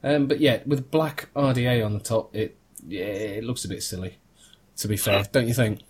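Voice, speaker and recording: A man's voice: mid-range voice, normal speed, slight background noise. A man hosting a casual podcast chat, rambling and joking with plenty of fillers and restarts over a video call. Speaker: podcast host.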